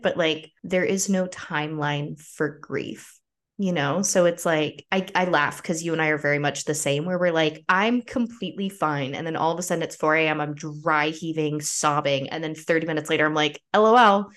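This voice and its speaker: Young female podcast host, a little low-pitched, candid, animated, filler-heavy talk. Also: moderate pace. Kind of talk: casual conversation.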